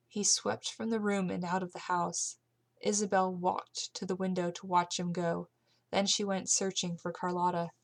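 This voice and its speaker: Low-voiced woman reading aloud. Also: normal speed. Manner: steady reading with occasional slips and self-corrections. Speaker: audiobook reader. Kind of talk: amateur audiobook narration.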